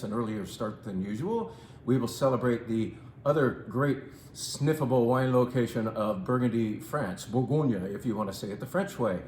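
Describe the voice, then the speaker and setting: A man hosting a casual wine presentation in a playful, theatrical way, with drawn-out emphasis on words. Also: mid-range voice, reverberant, slight background noise, rough recording. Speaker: wine shop host.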